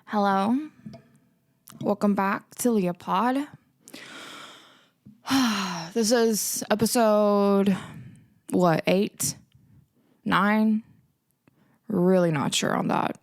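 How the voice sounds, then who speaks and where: A thirty-year-old woman hosts her own casual solo podcast, rambling emotionally while teary and close to crying, swearing and filling gaps with "um" and "like." Her mid-range voice is extremely slow with long pauses, and there's no room sound.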